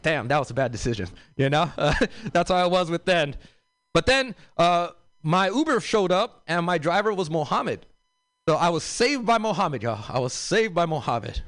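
Young LA comic, loose and rambling stand-up, smooth voice a touch high, dry close sound. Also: male voice, animated, normal speed, a bit bright, dry recording. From South Central Los Angeles. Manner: loose, rambling delivery with many fillers and asides. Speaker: stand-up comedian. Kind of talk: stand-up comedy set.

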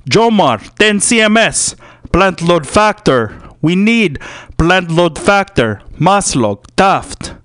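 Brief: man imitating a middle-aged dad, clipped bossy commands, slow. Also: high voice, very animated, fairly bright tone, clear, resonant tone, no echo, pitched above the performer's own voice, heavily acted. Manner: barking short commands.

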